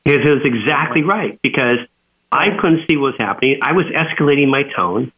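A man calling into a radio interview, sharing stories with animated energy and acting out the lines he quotes. His voice sits at an ordinary middle pitch. The sound comes through a thin, tinny phone line. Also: fairly quick. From California. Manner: animated storyteller who acts out quoted dialogue. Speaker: guest author.

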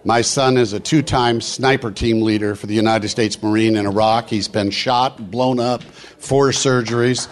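Energetic middle-aged male motivational speaker. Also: mid-range voice. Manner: energetic, preachy, rapid-fire. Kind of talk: live stage speech. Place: event hall.

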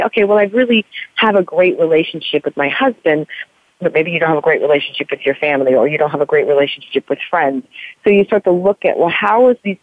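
A woman's voice: low-pitched, no echo. A woman in her forties, an author guest in a podcast interview, talking in an earnest, rambling way with many fillers. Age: 40s. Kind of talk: candid podcast interview talk. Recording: dry phone-line sound.

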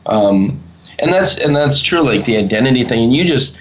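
A man who is a youth leader, telling earnest stories in a casual chat and pausing often to find his words. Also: medium pitch, expressive, slight background noise. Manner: earnest, halting storytelling. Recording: dull lo-fi sound.

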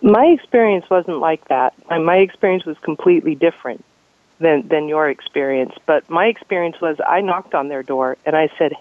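A man's voice: a little high, animated, moderate pace, no echo. A man hosting a radio talk show, speaking in an easygoing, reflective way with an occasional chuckle. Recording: tinny phone-like dry sound.

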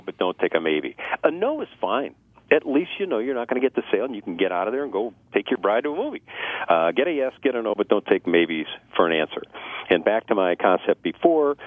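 Male sales trainer guest, quick and animated, acts out customer voices, somewhat low voice, tinny phone-line radio sound. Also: no echo. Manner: lively, acts out customer dialogue, laughs at own jokes. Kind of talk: radio talk giving sales tips.

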